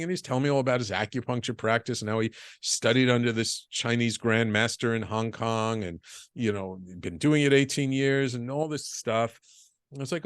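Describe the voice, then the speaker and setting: A middle-aged man guesting on a podcast, telling his business story with lively acted-out dialogue and stumbling restarts. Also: medium pitch, moderate pace, clear, resonant tone, dry recording, clean studio sound. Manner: animated storyteller, acts out quoted dialogue, frequent restarts. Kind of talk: storytelling interview.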